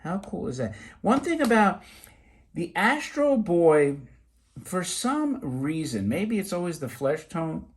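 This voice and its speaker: A middle-aged man casually showing off vintage toys, chatty and excitable with rambling asides. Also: high voice, slow pace, breathy edge. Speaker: toy collector vlogger. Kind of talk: casual show-and-tell.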